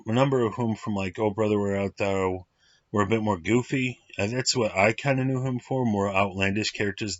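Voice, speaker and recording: A man in his late thirties rambles enthusiastically through a casual film review, using lots of fillers. His voice is on the low side with a fairly bright tone, and the recording is dry, lo-fi and slightly muffled.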